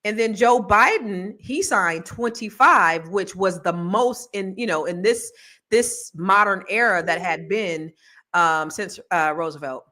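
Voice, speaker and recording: A woman's voice: medium pitch, expressive, a little slow, bright, forceful tone. A woman moderating a panel discussion, talking loosely and slangily with lots of restarts.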